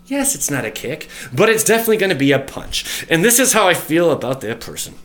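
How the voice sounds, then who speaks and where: Male vlog host, home setup, animated ranter, lively pitch, swears a lot. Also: fast talker, hardly any pauses, heavy background noise. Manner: animated, swears freely, breaks off into joking rants. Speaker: card game video host. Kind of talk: casual card review vlog.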